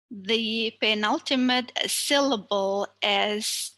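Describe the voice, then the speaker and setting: A woman's voice: medium pitch, steady tone, very slow, hardly any pauses, fairly bright tone, no room sound. A woman with an Indonesian accent teaching a language lesson online, talking carefully with many fillers.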